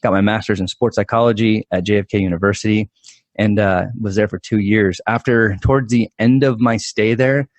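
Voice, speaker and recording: A man in his forties, a guest mental performance coach, telling stories in an animated, quick-talking way with frequent restarts. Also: lowish voice, dry recording. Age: 40s. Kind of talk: conversational storytelling.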